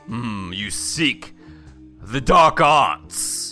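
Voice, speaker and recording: A grandiose stage magician who booms his lines like a showman, as a man puts him on. His pitch swoops widely, and his tone is bright and forceful. He delivers spooky pronouncements in a theatrical manner. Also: big pitch swings, very slow, vocal fry, soft background music, full character voice. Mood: ominous. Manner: booming, showy proclamations.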